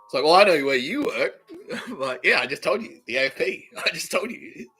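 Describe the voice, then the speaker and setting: A man's voice: on the high side, very animated, fairly quick, bright, forceful tone, rough recording. A man hosting a podcast, rambling through a comedic monologue, laughing often, swearing and acting out quoted exchanges. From Australia. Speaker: podcast host.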